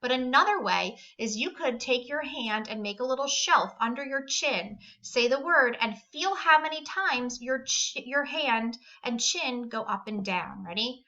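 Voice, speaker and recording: A woman teaching a recorded second-grade lesson in an upbeat, clearly enunciated voice. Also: high-pitched, lively intonation, measured pace, few pauses, bright, forceful tone. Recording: echoey room, slightly dull sound.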